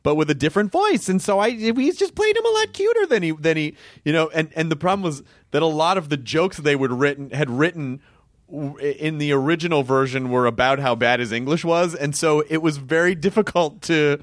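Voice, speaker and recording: Casual podcast guest, male, bright high voice, quick to do silly voices. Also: dry recording, studio quality. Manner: animated, slips into put-on comic voices. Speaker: voice actor.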